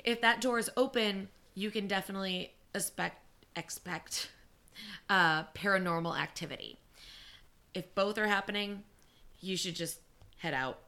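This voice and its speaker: A woman co-hosting a podcast, chatting casually and reacting with animated gasps. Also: medium pitch, normal speed. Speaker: podcast co-host. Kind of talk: casual chat.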